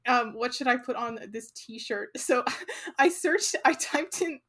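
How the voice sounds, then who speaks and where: Bright, giggly young woman co-host. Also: fairly high pitch, takes it slowly. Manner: giggly, excitable. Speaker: podcast co-host. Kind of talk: casual chat.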